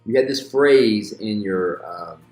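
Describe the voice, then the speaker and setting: A man's voice: on the low side, animated, takes it slowly, a little mellow. A man interviewing a young woman in a friendly, rambling way with many fillers. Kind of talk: casual interview. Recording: roomy echo with faint music.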